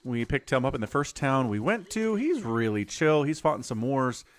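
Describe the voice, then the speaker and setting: A man's voice: medium pitch, very animated, normal speed. A middle-aged man streaming a role-playing game, chatting casually and rambling as he explains the story. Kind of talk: casual live-stream commentary.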